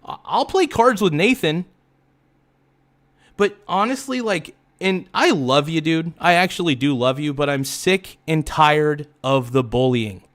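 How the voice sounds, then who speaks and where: A man's voice: fairly high pitch, fairly bright tone. A livestream host talking straight to someone in a heated, repetitive rant. He swears, stumbles into restarts and keeps correcting himself. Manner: halting restarts and self-corrections. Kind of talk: livestream monologue.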